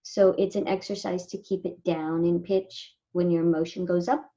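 A woman voice actor from Southern California talking casually in an interview, animated and quick to mimic people. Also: lowish voice, dull audio. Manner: animated, slips into lively mimicry of others. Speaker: voice actor guest.

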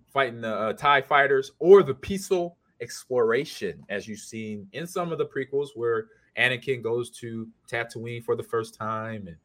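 Bright-voiced man co-hosting a podcast. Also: mid-range voice, normal speed, hardly any pauses. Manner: animated, breaks into silly character voices. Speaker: podcast co-host. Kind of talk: casual chat.

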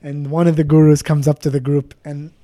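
A man's voice: on the high side, level tone, fairly quick, mellow. A man telling a comedic story on a podcast, rambling with lots of fillers and swearing, rising to exasperated outbursts.

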